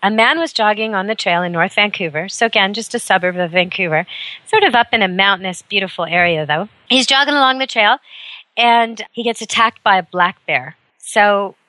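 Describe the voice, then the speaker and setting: A woman radio host delivering an emphatic, indignant talk radio monologue from a studio mic. Her voice is bright and forceful, and the sound is dry and close. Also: medium pitch, fairly quick, dry recording.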